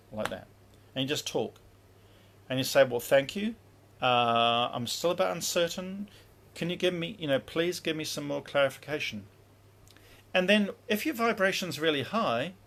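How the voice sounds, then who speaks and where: A man's voice: fairly high pitch, animated, moderate pace, fairly bright tone. A man teaching spiritual practice in a casual livestream, rambling with many fillers and acting out inner dialogues.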